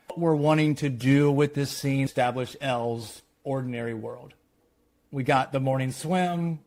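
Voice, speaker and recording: Animated man pitching a screenplay. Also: unhurried. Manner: animated retelling, quoting characters.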